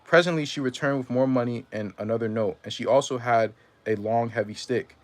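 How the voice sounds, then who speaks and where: A man reading a first-person memoir aloud in a measured way, now and then stumbling and correcting himself. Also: mid-range voice. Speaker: reader.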